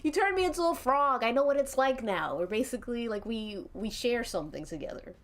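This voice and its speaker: A woman's voice: a little high, animated, a little fast, voice pushed up. A woman voicing a brash, bossy, fidgety brute of a man who is foul-mouthed and demanding. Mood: pushy. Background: faint background music.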